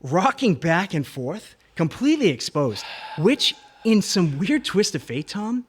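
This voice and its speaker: A middle-aged man co-hosting a podcast, telling an animated, profane story in casual chat, sometimes dropping to a whisper. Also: high-pitched, measured pace, husky. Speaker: podcast co-host.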